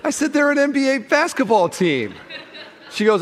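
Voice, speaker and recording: A man preaching a sermon as pastor, telling a story with lively acted-out exchanges before an earnest appeal to fathers. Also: very high-pitched, normal speed, in a large hall, some chatter behind. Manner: animated storyteller who acts out the people in the story. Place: large church auditorium.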